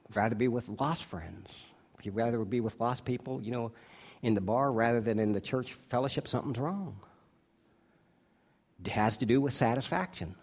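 A male pastor preaching a sermon, moving between loud, drawn-out emphasis and quiet, hushed asides. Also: mid-range voice, vocal fry, husky. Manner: stretches key words slowly for emphasis.

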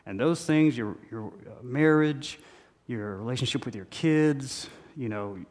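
A man's voice: medium pitch, measured pace, a little mellow. Man preaching in a reverberant hall. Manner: repetitive, emphatic preaching with humorous anecdotes. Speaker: pastor. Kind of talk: sermon.

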